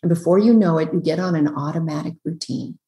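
A woman psychologist giving relationship advice as a podcast guest over a video call, emphatic and explanatory, running through quick lists. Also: low voice, mellow, echoey room. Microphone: computer on a video call.

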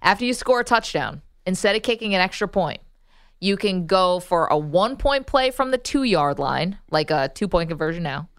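A woman's voice: on the low side, expressive, normal speed, smooth, no echo, studio quality. A woman hosting a sports talk radio show, playful and opinionated in casual banter. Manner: playful, opinionated, laughs easily.

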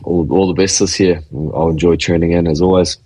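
Husky-voiced modest Kiwi guest. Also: male voice, sits low, fairly even intonation, fairly quick, warm tone, dry recording. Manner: easygoing, modest, hesitant with ums. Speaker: guest rugby league player. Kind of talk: casual interview chat.

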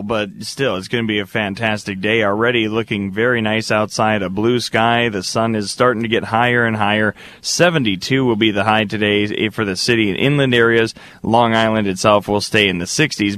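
Low-voiced radio weatherman. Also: a bit bright. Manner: upbeat, flowing forecast delivery. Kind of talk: weather forecast.

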